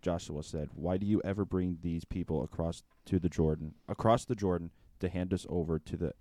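A man in a study group reading a Bible passage aloud at a steady pace. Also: low voice, fairly quick, dry recording.

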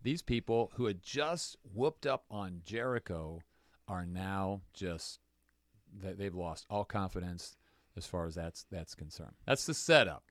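A man's voice: low voice, expressive, measured pace, fairly bright tone, no echo, clean studio sound. A man leading a casual Bible study, retelling the story with jokes and asides to his group.

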